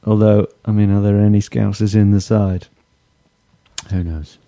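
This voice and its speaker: A man's voice: on the low side, flat delivery, a little slow, warm tone. A man hosting a casual football podcast chat, jokey, laughing often and trailing off mid-sentence. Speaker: podcast host.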